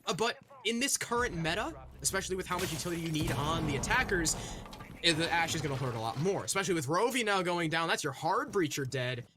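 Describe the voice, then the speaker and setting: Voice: medium pitch, animated, fast talker, noisy background. An esports caster giving live color commentary with chatty analysis of the plays.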